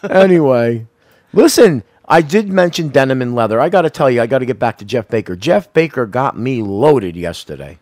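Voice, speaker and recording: A man co-hosting a casual radio show, rambling loudly and swearing constantly between laughs. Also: medium pitch, animated, fairly quick, few pauses, no echo, clean studio sound. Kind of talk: casual profane radio banter.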